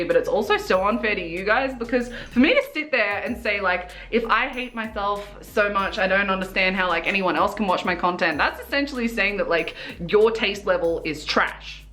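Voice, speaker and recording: A woman's voice: mid-range voice, normal speed, pushed and bright, faint music behind. Young woman vlogger rambling thru her makeup routine, chaotic and earnest, loads of likes and restarts. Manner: earnest and self-reflective. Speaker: beauty vlogger. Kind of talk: casual confessional chat while doing makeup.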